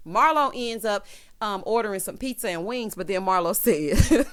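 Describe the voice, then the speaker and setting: A woman's voice: medium pitch, normal speed, clear, resonant tone. Sassy Southern woman recapping drama. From Texas. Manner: sassy, animated, peppered with 'honey'. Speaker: recap vlogger. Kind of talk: casual reality TV recap.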